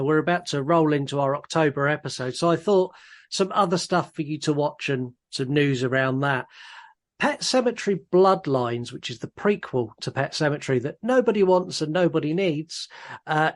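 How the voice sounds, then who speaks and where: A man co-hosting a casual podcast, laughing easily and reading out listener messages. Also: fairly high pitch. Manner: laughing, restarts often, reads out listener messages. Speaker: podcast co-host.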